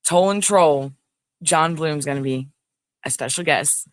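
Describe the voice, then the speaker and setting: A woman's voice: low voice, measured pace, no echo. Chatty woman livestream host. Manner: chatty, rambling, addresses viewers as y'all. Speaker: talk show host. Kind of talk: casual livestream sign-off.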